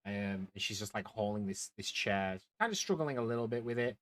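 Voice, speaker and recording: Man, dungeon master, lowish voice, halting narration, frequent restarts. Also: expressive, a bit bright, rough recording. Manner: halting, many fillers and restarts. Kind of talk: narrating a tabletop game.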